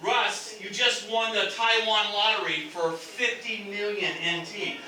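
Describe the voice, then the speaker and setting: A man's voice: sits high, steady tone, measured pace, pushed and bright. A man teaching an English lesson in a classroom, explaining intonation and acting out exaggerated example phrases. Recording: echoey classroom from a distance.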